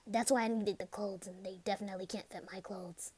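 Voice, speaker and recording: A woman in a whispered role-play, speaking softly and hesitantly, often in a whisper. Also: medium pitch, fairly even intonation, fairly quick, few pauses, husky. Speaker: ASMR role-play performer.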